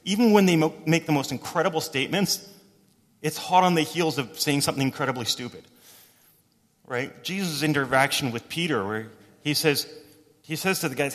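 A man preaching a sermon in a relaxed, conversational way, retelling stories and briefly voicing the people in them. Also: fairly high pitch. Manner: conversational, animated storytelling with quick voices for quotes. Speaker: pastor. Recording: reverberant hall.

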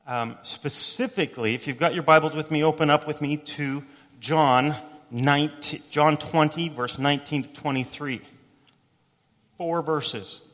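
A man delivering a sermon in a casual, chatty way, dropping in quick voiced quotes as he retells stories. His voice sits at an ordinary middle pitch. The sound carries a long reverb, as if from a church hall. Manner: conversational, animated storytelling with quick voices for quotes. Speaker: pastor.

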